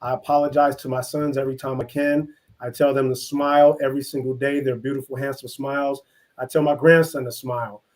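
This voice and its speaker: A middle-aged man from East Oakland, telling his life story as an interview guest, earnest and halting with many restarts. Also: medium pitch, level tone, darkish tone. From East Oakland, California. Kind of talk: reflective personal storytelling.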